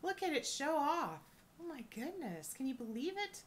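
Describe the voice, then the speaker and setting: A woman reselling jewelry, chatting casually and gushing with excitement as she unboxes a thrift lot. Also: sits high, moderate pace, slight background noise. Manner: gushing, excitable, lots of oohs and little laughs.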